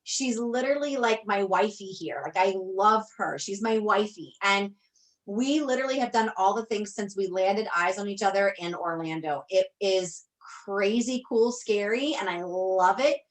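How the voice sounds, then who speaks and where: A woman's voice: medium pitch, moderate pace. An effusive woman coach speaking to her team on a motivational call. She gushes, circles back and repeats her points in a chatty way. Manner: effusive, gushing, repeats herself. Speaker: business coach.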